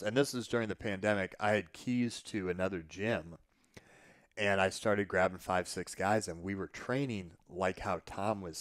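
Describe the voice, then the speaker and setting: A man telling a long story in casual conversation, animated and profane, often restarting his sentences. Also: fairly low pitch, dry recording, studio quality. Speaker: podcast guest.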